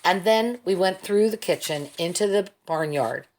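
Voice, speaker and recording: A woman narrating an audiobook in a calm, steady storytelling manner. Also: fairly low pitch, normal speed. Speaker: audiobook reader.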